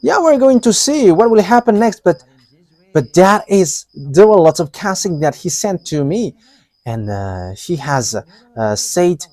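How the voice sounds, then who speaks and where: A man preaching a live sermon, talking in short, halting, broken phrases. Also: high voice, sing-song, dark tone, dry recording.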